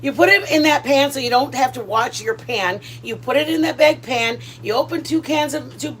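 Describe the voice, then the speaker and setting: High-voiced chatty middle-aged woman. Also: moderate pace, a little hiss or hum. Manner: rambling, chatty and self-deprecating. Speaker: home cooking vlogger. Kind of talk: casual chat.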